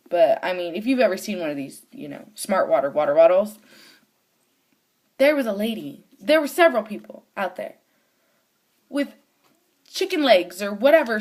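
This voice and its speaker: Animated woman telling a story to camera. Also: mid-range voice. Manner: animated, acts out voices, swears casually. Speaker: vlogger.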